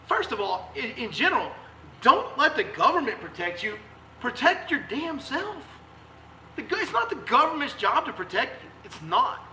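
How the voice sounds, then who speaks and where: A man's voice: sits high, sharp tone, slight background noise. A man, a fishing guide hosting a live stream, delivering a fiery, emphatic rant full of repeated rhetorical questions. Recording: echoey room sound.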